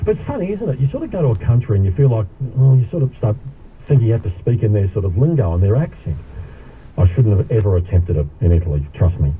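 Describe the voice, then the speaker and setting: A man's voice: on the low side, big pitch swings, quick pace. A man hosting talk radio, casual and matey, chatting with callers. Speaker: radio host. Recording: tinny radio broadcast with faint noise.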